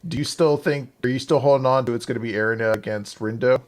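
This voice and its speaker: A man's voice: mid-range voice, fast. A man co-hosting a podcast in casual chat, talking things through thoughtfully and often repeating words as he thinks. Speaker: podcast co-host.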